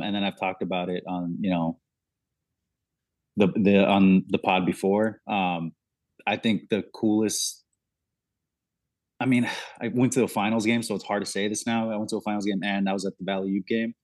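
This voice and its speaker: A young man co-hosting a podcast, telling stories excitedly and saying "like" and "dude" constantly. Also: on the low side, dry recording. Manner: excitable, heavy use of "like" and "dude". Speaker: podcast co-host. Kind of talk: casual chat.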